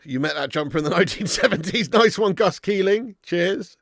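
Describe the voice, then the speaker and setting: A man's voice: sits high, lively intonation, a little fast, vocal fry, fairly bright tone, dry recording, clean studio sound. A man hosting a live football watch-along stream, bantering and laughing as he reads out viewer messages.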